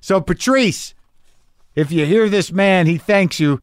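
Wry, profane podcast host reading emails. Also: male voice, sits high, slow, no room sound, studio quality. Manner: wry, profane, rambling with frequent restarts. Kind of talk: casual monologue reading listener emails.

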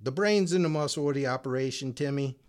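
Joking and teasing his fellow podcast co-host, this man chats casually but hesitantly, dropping plenty of ums. His medium-pitched voice is a little mellow, and he talks fast.

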